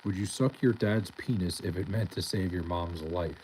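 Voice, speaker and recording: A young man casually reading out and answering chat on a live stream, laid-back and profane with a deadpan tone. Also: low voice, normal speed, a little hiss or hum, low-quality recording.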